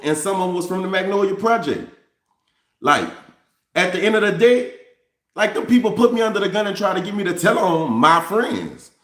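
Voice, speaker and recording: A man's voice: high-pitched, a bit bright, echoey room. A man, speaking straight to his viewers in a candid, repetitive storytelling monologue. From New Orleans. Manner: repetitive, restarts phrases, addresses viewers as y'all. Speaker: vlogger.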